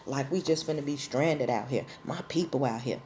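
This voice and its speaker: A woman's voice: a bass voice, normal speed, warm tone, a little hiss or hum. A woman vlogger telling a personal story in a blunt, profane, casual way.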